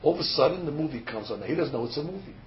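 Gravelly man preaching, dull lo-fi. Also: on the high side, lively intonation, very fast, a little hiss or hum. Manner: emphatic, rhetorical questions, stumbles on fillers. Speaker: rabbi giving a sermon. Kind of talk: sermon with storytelling. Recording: dull lo-fi recording with faint ambience.

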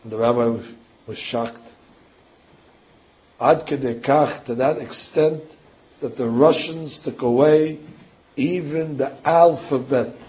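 A man preaching, telling a story animatedly, with restarts and sudden soaring emphasis. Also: on the high side. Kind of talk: sermon storytelling. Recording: dull lo-fi recording.

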